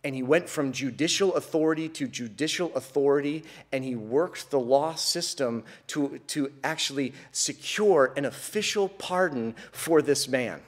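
A man's voice: on the high side, normal speed, hardly any pauses. A man preaching a sermon, telling an illustration story in an earnest way and then building to emphatic, repeated declarations.

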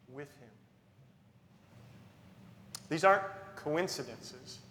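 A man's voice: on the high side, echoey room, long reverb tail. A man preaching a sermon as pastor, earnest and emphatic, stressing key phrases through repetition.

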